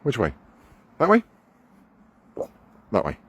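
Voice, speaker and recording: A man's voice: mid-range voice, wildly swooping pitch, slow pace, fairly bright tone, a little hiss or hum. A man outdoors on a walk, playfully coaxing and chatting with his pet raven. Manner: coaxing, playful, talks to the bird.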